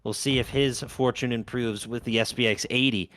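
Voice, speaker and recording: A man's voice: mid-range voice, fairly even intonation, moderate pace, fairly bright tone, no echo. A man doing play-by-play commentary on an esports match, jokey and punning, laughing often. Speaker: esports caster.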